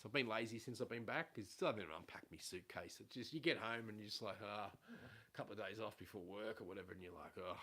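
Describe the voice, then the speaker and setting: A man's voice: medium pitch, a bit bright. A middle-aged Australian man chatting loosely on a livestream from home, rambling from one thing to the next and swearing freely. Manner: rambling, swears freely, self-aware about waffling. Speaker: livestream host. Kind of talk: casual rambling livestream chat. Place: at home indoors.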